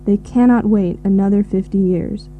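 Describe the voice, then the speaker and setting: A woman reading a formal declaration on peace in a steady, declarative way. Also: medium pitch, moderate pace. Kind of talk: read-out speech. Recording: tinny phone-like recording with hum.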